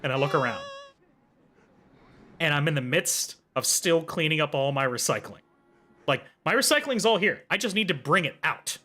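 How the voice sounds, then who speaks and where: A man livestreaming from home, telling a comic story in a casual, animated way. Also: on the high side, moderate pace, faint music behind.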